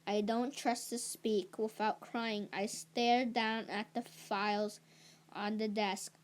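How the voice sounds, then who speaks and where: Very slow, smooth-voiced woman reading a novel. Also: medium pitch, level tone. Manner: slow, halting read-aloud delivery with small slips. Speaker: reader. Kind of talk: first-person novel reading.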